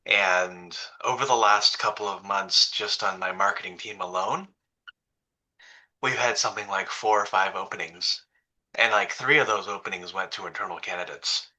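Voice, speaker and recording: A man's voice: low voice, normal speed, bright, forceful tone, low-quality recording. A man working in marketing, co-hosting a webinar over a video call and telling a work story in a conversational way. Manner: conversational, tells anecdote from work. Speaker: co-host, marketing professional. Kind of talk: casual conversation.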